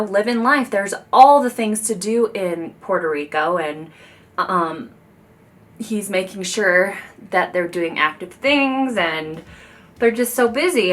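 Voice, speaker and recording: A woman in her thirties talks to her viewers while doing her makeup at home, gushing and confiding as if to close friends. Her voice is bright and forward, at a middle pitch. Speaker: beauty vlogger. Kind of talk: chatty get-ready-with-me talk.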